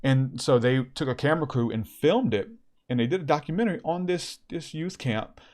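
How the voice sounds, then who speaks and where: A man hosting a podcast, telling a story in a casual, animated way with plenty of fillers. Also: mid-range voice, moderate pace. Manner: animated, acts out quotes, many fillers. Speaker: podcast host.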